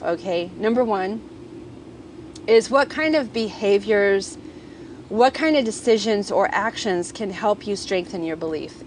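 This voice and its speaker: A woman's voice: medium pitch, slight background noise. Chatty woman coaching on business mindset. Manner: conversational, often checks in with "okay?", addresses viewers as "guys". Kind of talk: casual teaching talk to camera.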